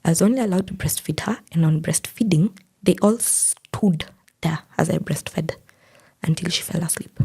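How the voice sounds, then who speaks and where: A woman's voice: lowish voice, moderate pace, a little mellow, slightly rough. A young woman earnestly recounting a painful personal story, quoting what others said to her. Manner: earnest, quotes others' words as she tells it. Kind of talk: personal account in an interview.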